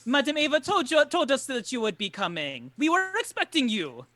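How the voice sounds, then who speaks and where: A man voicing an excitable, welcoming male camp traveler who gushes and repeats himself. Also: extremely high pitch, a little fast, dry recording, voice pushed up, full character voice. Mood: eager. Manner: gushing, insistent, repeats himself.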